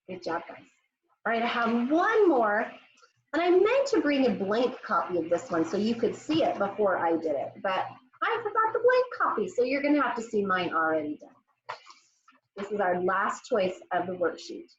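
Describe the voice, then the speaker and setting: Lively woman teaching young kids. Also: medium pitch, echoey room, muffled recording, slight background noise. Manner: cheerful, slow and sing-song when reciting lines for kids to repeat. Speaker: elementary school teacher. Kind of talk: remote classroom lesson for young children.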